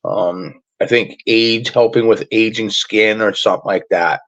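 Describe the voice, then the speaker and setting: A man talking casually on a livestream in a relaxed, offhand way. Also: fairly low pitch, unhurried. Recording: dull lo-fi stream audio.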